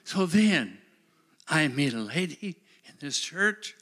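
A middle-aged man preaching a sermon, dramatic and emotional, swinging from shouts down to whispers. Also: a little high, sing-song, slow, husky.

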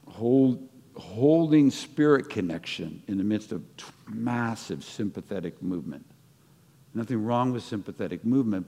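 In a church sanctuary with long hall reverb, a man with a fairly low, creaky, slightly mellow voice preaches a sermon conversationally. He stumbles over restarts and laughs at himself, then rises to fervent peaks.

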